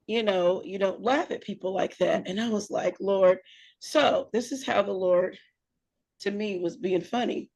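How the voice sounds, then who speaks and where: Female co-host, animated storyteller, slight vocal fry, casual delivery. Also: mid-range voice, moderate pace. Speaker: podcast co-host.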